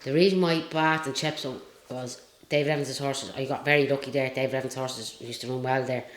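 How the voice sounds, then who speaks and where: A woman's voice: rumbling low, fairly even intonation, brisk. An Irish woman and retired jockey telling stories in a casual interview, rambling and chatty with lots of fillers. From Ireland. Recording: roomy echo.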